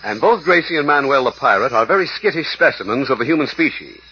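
A man's voice: mid-range voice, animated, fast, bright, forceful tone, husky. A man narrating and announcing a 1940s radio adventure drama with a dramatic delivery. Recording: dull old radio broadcast.

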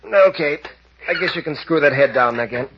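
A steady adventurer pilot captain. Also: male voice, on the high side, normal speed, noisy background. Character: male adventurer pilot captain, calm and decisive. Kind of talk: 1940s radio acting. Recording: dull, dry old radio broadcast.

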